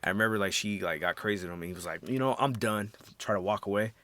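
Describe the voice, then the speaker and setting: A man's voice: low voice, steady tone, very fast, bright, forceful tone. A man co-hosting a casual podcast, retelling scenes with lots of swearing and acted-out quotes. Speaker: podcast co-host. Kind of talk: casual chat.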